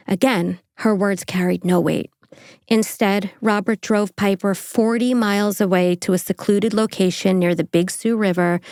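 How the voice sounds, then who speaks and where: A woman's voice: mid-range voice, a little mellow, no echo. True crime host, woman, snarky narrator, dry close sound. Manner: sarcastic, swears casually. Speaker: podcast host.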